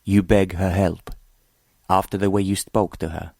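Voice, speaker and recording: A scheming prince, arrogant and cold, sneering at his captive in a very deep, low voice, as a man reads him. The delivery is mocking and condescending, recorded close and dry. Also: little pitch movement, unhurried, gravelly, a little mellow, no room sound, exaggerated voice.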